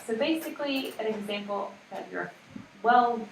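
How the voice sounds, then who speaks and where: A woman lectures her class in a casual, chatty way, her voice sitting a little high. She is recorded from across an echoey classroom. A steady noise runs beneath her voice. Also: normal speed, gravelly. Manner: casual, chatty explaining with many "like"s. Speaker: teacher. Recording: echoey room, distant mic, noisy.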